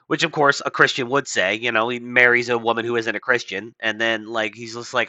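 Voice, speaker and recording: A man's voice: mid-range voice, fairly even intonation, fast, few pauses, bright, forceful tone, no echo, poor audio. Blunt, sarcastic male political commentator. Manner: blunt, sarcastic, profane asides. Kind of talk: casual reading and commenting on an article.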